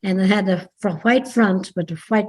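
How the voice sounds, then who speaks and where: An older Irish dance teacher with a Dublin accent reminisces in an interview, her medium-pitched voice a little mellow and her pace moderate. She is chatty and meandering, frequently correcting herself mid-sentence.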